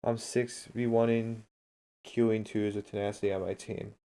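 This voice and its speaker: A man's voice: on the low side, level tone, moderate pace, warm tone, smooth. A man casually talking through a game replay on a livestream, chatting straight to his viewers and answering their messages in an upbeat, encouraging way. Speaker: streamer and game coach.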